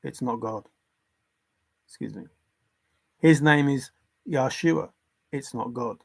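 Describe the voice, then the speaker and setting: A man's voice: mid-range voice, slow pace, creaky. A man hosting a casual livestream, talking earnestly and insistently about religion and reading viewer comments aloud. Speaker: livestream host.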